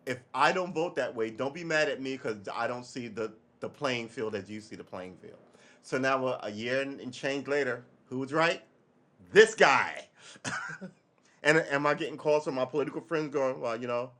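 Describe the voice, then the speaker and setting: A man from Brooklyn, New York hosts a casual political livestream, talking in a loose, rambling and profane way. His voice is medium-pitched with a fairly bright tone.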